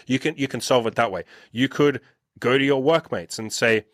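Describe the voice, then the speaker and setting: A man's voice: medium pitch, normal speed, a bit bright, dry recording, studio quality. Blunt, profane man in casual podcast chat. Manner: blunt, profane, acts out quoted voices. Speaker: podcast host and dating coach.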